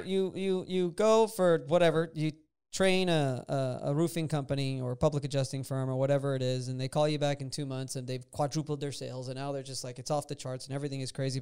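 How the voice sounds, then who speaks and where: A man's voice: medium pitch, darkish tone, clean tone. A male podcast host in casual conversation, blunt and a little profane, asking long rambling questions. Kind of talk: casual interview chat.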